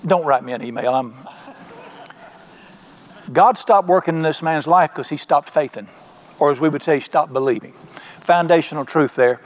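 A man preaching a sermon in a folksy, conversational way, slowing down for emphasis. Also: on the high side. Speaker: pastor.

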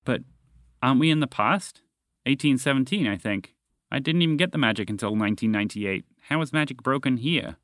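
A man voicing a kind, exhausted male magical horse who talks gently and apologetically between breaths. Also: medium pitch, animated, brisk, no echo, clean studio sound, lightly acted. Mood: weary.

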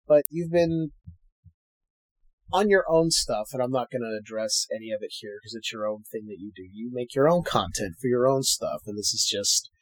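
A man's voice: medium pitch, normal speed, dry recording. Laid-back swearing man, dry sound. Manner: laid-back, swears casually, laughs often. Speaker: podcast co-host. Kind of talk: casual chat.

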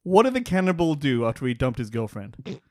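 A man's voice: medium pitch, big pitch swings, fairly quick. A man, co-hosting a podcast, chatting casually and laughing often. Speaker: podcast co-host. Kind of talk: casual chat.

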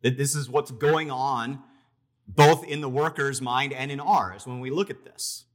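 A man preaching a sermon, retelling a parable in a conversational, storytelling way, with emphatic pauses and restarts. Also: medium pitch. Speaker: pastor.

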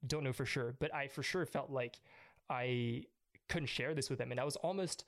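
A man's voice: mid-range voice, moderate pace. A young man earnestly recounting an emotional personal story as an interview guest. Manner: earnest, emotional, with frequent restarts.

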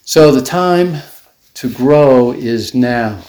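A man's voice: medium pitch, expressive, very slow, darkish tone. A man leading a casual church group discussion, talking informally with many fillers and restarts. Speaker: Bible study leader. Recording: echoey room, faint background noise.

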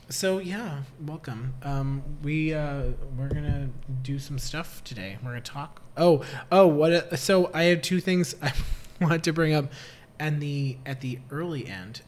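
Podcast co-host, male, slightly high voice, campy and giggly, casual chat.

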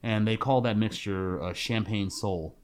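Animated man talking film soundtracks. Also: on the low side, measured pace. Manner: animated, breaks into loud impressions of movie lines. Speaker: podcast co-host. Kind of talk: casual chat about films and songs.

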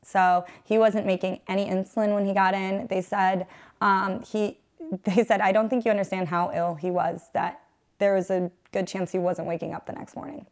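A woman's voice: medium pitch, flat delivery, moderate pace. A woman in her thirties, a mother, earnestly telling an emotional personal testimony in an interview. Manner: earnest, emotional storytelling, faith-focused. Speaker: guest, mother.

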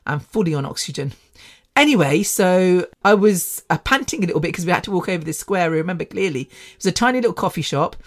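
Her lowish voice is lively in intonation and quick in pace as this fifty-something podcast host chats her way through a meandering story, laughing a lot and occasionally swearing.

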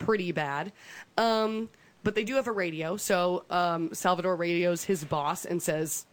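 A woman's voice: lowish voice, steady tone, a little slow. A woman co-hosting a podcast, telling a survival story in a chatty, laughing way. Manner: chatty, laughs often, lots of ums and likes. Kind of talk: casual storytelling chat.

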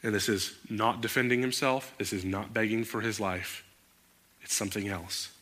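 A man preaching a sermon, animated and moving into emphatic outbursts. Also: lowish voice, moderate pace. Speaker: pastor.

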